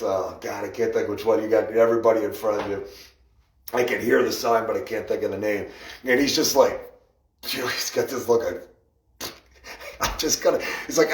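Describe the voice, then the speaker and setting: A man's voice: on the low side, far from the mic. A man hosting a casual livestream, rambling, laughing often and greeting viewers by name. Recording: echoey room, voice a bit off-mic.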